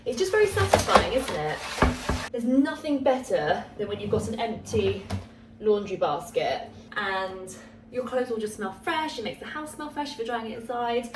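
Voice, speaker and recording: A woman's voice: fairly high pitch, animated, moderate pace. A young woman chatting casually to camera at home in an upbeat way, with many fillers. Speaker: vlogger. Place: home, indoors. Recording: camera mic from a distance, faint ambient noise.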